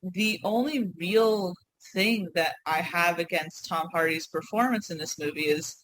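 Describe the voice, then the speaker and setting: A woman with a New York accent, her voice sitting a little low. She co-hosts a casual podcast, rambling through stories and laughing between them. A faint hum of room ambience runs under her. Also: a little slow, a bit bright, poor audio. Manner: rambling storyteller, laughs often, apologetic asides. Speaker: co-host.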